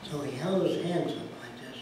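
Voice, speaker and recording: A man's voice: on the high side, a little fast, noisy background. A man telling plainspoken, punchy anecdotes in answer to a question, acting out the people he quotes. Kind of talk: anecdotal storytelling. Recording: echoey room, far from mic.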